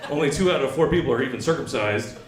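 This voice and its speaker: A man's voice: mid-range voice, quick pace, roomy sound. A man doing a crude stand-up comedy set at a brewery, telling stories and acting out both sides of the dialogue. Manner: crude, animated storytelling with acted-out dialogue. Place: brewery comedy stage with a live audience.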